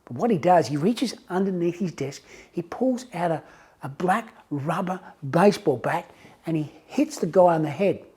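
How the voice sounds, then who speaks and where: A man, a success coach, telling a story in a casual, animated way with frequent restarts. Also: fairly high pitch, normal speed, slightly rough. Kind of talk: motivational storytelling.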